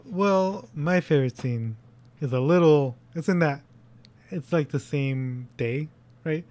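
A man's voice: on the high side, slow pace, darkish tone. A man in a casual movie discussion, chatty, and he acts out lines from the film as he goes.

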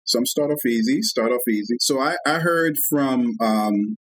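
A man guest-hosting a casual podcast, relaxed and friendly, repeating phrases as he eases into questions. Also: medium pitch, moderate pace, no echo, low-quality recording. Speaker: guest host asking questions. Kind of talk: casual chat.

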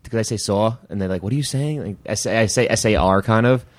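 A man's voice: fairly low pitch, steady tone, quick pace, dry recording. New York-accented male podcast guest. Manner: storytelling, laughing, profane. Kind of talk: casual podcast chat.

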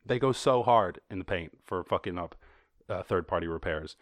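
An Irish man with a lowish voice hosts a podcast and rambles through the news in a loose, swearing style. He breaks off into jokes and sarcastic little voices, recorded close and dry with no room sound. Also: moderate pace, dry recording. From Ireland. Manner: profane, joking asides and sarcastic voices. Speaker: podcast host. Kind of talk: casual news commentary.

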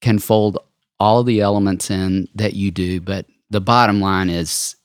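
A man's voice: low voice, steady tone, measured pace, no echo, clean studio sound. A man hosting a podcast, introducing his guests with praise. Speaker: podcast host. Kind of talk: casual interview.

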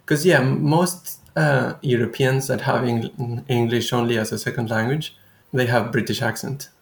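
A young man speaking as a guest researcher in a casual conversation, thoughtful and halting, often restarting his sentences. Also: medium pitch, fairly even intonation, creaky, reverberant.

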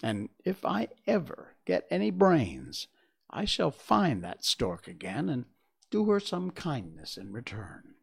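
Male narrator doing a grateful, good-natured straw scarecrow for a storybook, gentle and slow. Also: medium pitch, huge pitch swings, gravelly, breathy edge, full character voice.

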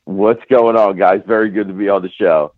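A man joining a talk show as a guest, friendly and quick to laugh, sometimes restarting his sentences. His voice is very low. The audio is dry and somewhat dull, as if from a remote line. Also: steady tone, no room sound. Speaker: guest, jiu-jitsu commentator. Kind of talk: casual interview.

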